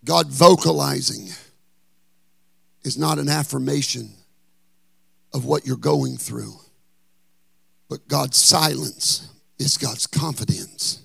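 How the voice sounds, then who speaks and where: A man's voice: medium pitch, slow pace, creaky, pauses often, a bit bright, breathy edge, no echo. A man preaching a sermon as pastor, impassioned, with a chanted, singsong cadence.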